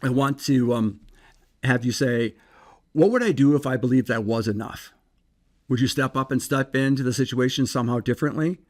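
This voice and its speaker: A man hosting a self-help podcast, speaking in an earnest, measured way and putting reflective questions to the listener. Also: mid-range voice. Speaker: podcast host, psychologist.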